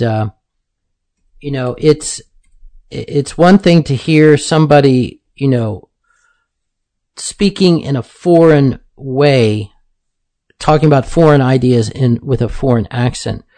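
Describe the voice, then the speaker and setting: A man talking straight to his listeners in a loose, chatty monologue. He keeps addressing them directly and fills pauses with hesitations. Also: medium pitch, warm tone. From United States. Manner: conversational, keeps saying "folks", many fillers. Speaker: commentator host. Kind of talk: casual monologue commentary.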